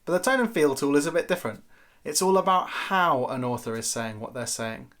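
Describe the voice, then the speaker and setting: A man's voice: fairly high pitch, expressive, a little fast, a bit bright. A man giving a conversational, lightly playful Bible teaching talk to camera for a church video series.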